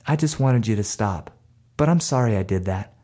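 A man's voice: fairly low pitch, animated, moderate pace, dark tone, natural voice. A man doing a sly kid brother. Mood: sheepish. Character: sly little brother, a boy.

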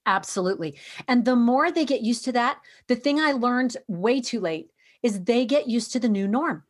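A middle-aged woman with a fairly high voice, talking casually as a podcast guest. She tells her stories earnestly and with lively animation. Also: normal speed. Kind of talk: casual conversation.

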